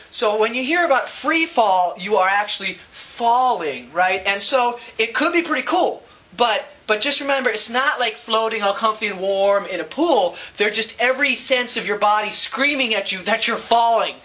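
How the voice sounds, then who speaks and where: Bright-voiced playful science teacher man. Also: high voice. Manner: playful, enthusiastic, makes sound effects. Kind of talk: hands-on science lesson with props.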